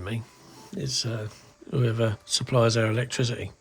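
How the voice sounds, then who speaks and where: Chatting casually for a hobby video from his indoor workbench, a middle-aged UK modeller grumbles about his kit, exasperated and swearing under his breath. His mid-range voice is gravelly and slightly rough, expressive, at normal speed with few pauses, and faint music plays behind him.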